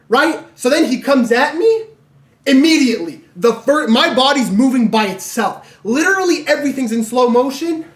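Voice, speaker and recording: A young man streaming live, telling a story in a casual, animated way, full of "literally" and "right?". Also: extremely high pitch, normal speed. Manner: animated, conversational, lots of fillers like "literally" and "right?".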